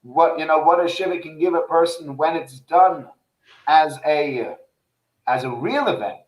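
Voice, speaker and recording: A man's voice: on the high side, measured pace. Earnest storytelling man, echoey room. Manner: earnest, repetitive restarts, heartfelt storytelling. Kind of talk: casual conversation, personal storytelling.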